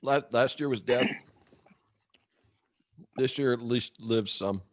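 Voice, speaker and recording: A man's voice: medium pitch, slow. A man guesting on a casual podcast chat, wry and teasing.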